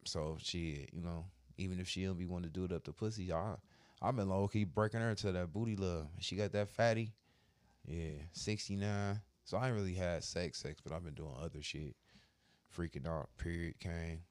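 A man with a fairly low voice tells crude stories in a blunt, profane, offhand way, getting heated as he retells his arguments. He works as a barber and co-hosts a casual podcast. The recording is dry, with no room sound. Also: moderate pace, a little mellow, dry recording. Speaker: podcast co-host.

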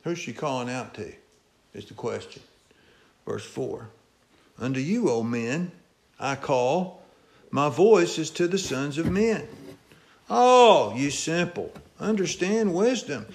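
A male pastor preaching a folksy sermon, swinging between loud calls and low asides. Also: expressive, slow pace, long pauses. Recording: echoey church room.

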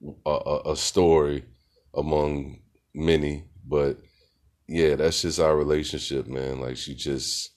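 A middle-aged man with an exceptionally deep, low voice, telling a casual story. He speaks in a laid-back, rambling way, with frequent fillers and restarts. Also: level tone, unhurried, a little mellow. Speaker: podcast host.

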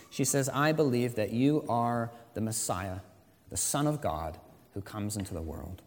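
A man preaching a sermon as pastor, moving between quiet, slow emphasis and loud, rising exhortation. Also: on the low side, animated. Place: church sanctuary. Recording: long reverb of a church hall.

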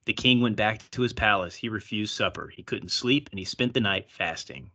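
A man co-hosting a casual Bible-study podcast, reading scripture aloud with drawn-out pauses and joking between passages. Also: fairly low pitch, sharp tone. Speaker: podcast co-host. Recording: dull lo-fi podcast sound.

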